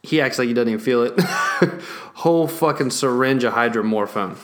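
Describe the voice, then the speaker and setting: Young guy telling a story on his vlog, swears a ton, gets animated. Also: medium pitch, normal speed. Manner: animated, swears heavily, laughs between lines. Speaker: vlogger. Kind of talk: casual storytelling.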